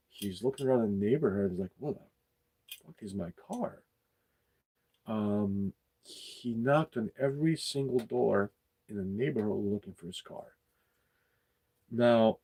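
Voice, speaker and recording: Man, gravelly low voice, husky, candid unscripted storytelling host. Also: warm tone, poor audio. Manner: candid, swearing freely, quoting voices as he tells a story. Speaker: podcast host.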